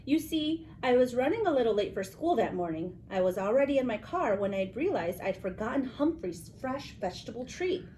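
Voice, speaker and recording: A woman's voice: fairly high pitch, lively intonation, brisk, few pauses, warm tone, slight background noise, voice pushed up, lightly acted. A woman reading aloud, voicing a kind teacher explaining what happened to her class. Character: kind older woman teacher with a broken ankle.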